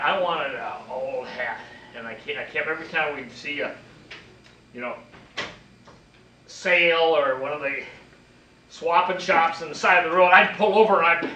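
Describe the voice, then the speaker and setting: An older man telling a folksy personal story to an audience, animated and chuckling at his own jokes. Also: fairly high pitch, far from the mic, slight background noise. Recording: echoey room, recorded from afar.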